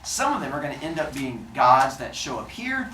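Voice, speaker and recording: Jokey male teacher, lively storyteller, distant and roomy mic. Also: medium pitch, moderate pace, a little hiss or hum. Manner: playful, jokey asides. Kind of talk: animated storytelling to a class. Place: classroom.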